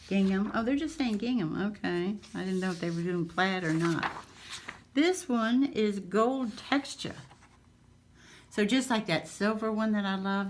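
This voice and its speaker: Woman, craft haul host, slow-paced, gushing and cooing over items. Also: mid-range voice, a little hiss or hum. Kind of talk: casual haul show-and-tell.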